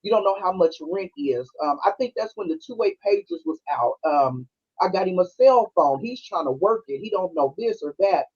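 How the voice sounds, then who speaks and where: A middle-aged woman from Kansas City speaks with a husky, breathy edge. She tells a personal story in a loose, heartfelt way to her co-hosts. The live-stream audio sounds dull and lo-fi. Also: fairly low pitch, big pitch swings, moderate pace, a little mellow. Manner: conversational, heartfelt, full of "you know" and "like". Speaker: podcast co-host.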